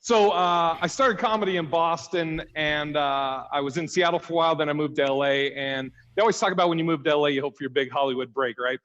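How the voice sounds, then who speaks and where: A man's voice: a little high, fast talker, few pauses, a bit bright, highs cut off. A man doing a stand-up comedy set over a video call, telling a story, swearing freely and laughing at his own punchlines.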